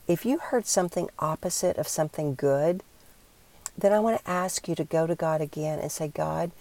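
An older woman speaking in an earnest, encouraging way, giving a devotional talk and leading listeners through a quiet prayer exercise. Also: low-pitched, creaky. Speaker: Christian speaker.

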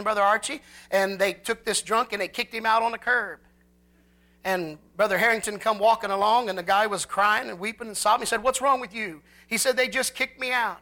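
A pastor preaching a sermon in a fervent way, reading scripture slowly and swelling louder on key phrases. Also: mid-range voice. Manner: slow, drawn-out scripture reading.

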